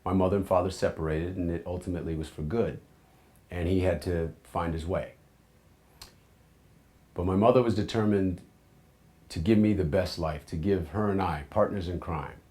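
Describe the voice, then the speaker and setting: Speaking at a moderate pace with long pauses, this American man in his forties tells his life story with candor and reflection. He often drops into quiet, low-voiced asides.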